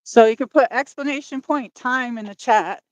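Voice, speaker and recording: Walking beside a lake, a woman hosts a livestream, addressing her chat through a gimbal-mounted phone while breathless, rambling, and apologizing. Her voice is a little high at normal speed, with no echo and the highs cut off.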